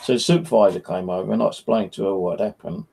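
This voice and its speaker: An English man chats on a live stream, spinning a loose, meandering anecdote packed with fillers. His voice is dark and husky, with a gravelly edge. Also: sits low, fast. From England. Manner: rambling, full of "you know" and "like". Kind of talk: casual chat, storytelling.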